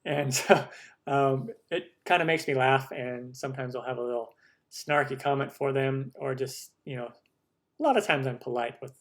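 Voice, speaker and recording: A man's voice: mid-range voice, steady tone, normal speed. A man from the United States hosting a cooking channel live stream, chatting upbeat through viewer questions with lots of ums.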